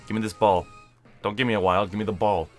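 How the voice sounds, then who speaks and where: A man's voice: fairly low pitch, steady tone, fast talker, soft background music. A young man giving casual, self-mocking commentary while playing a game. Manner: playful, self-mocking, chatty. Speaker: gaming streamer. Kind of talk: casual let's-play commentary. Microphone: webcam and desk mic.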